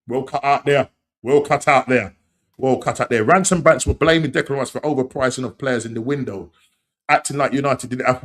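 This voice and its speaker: Host: middle-aged man, chatty and rambling, mid-pitched, breaks into excited shouts. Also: moderate pace. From England. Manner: rambling, full of "you know what I mean", excited outbursts. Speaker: podcast host. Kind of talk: casual live-stream chat.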